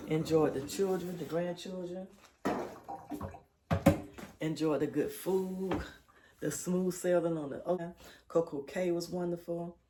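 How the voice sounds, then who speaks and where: A woman in her sixties talks softly and low while she cooks in her own kitchen, in an easygoing, chatty way. She is recorded on a phone, with a faint noise behind her voice. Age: 60s. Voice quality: soft, low-spoken. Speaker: cooking vlogger. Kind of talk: casual chat while cooking. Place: home kitchen.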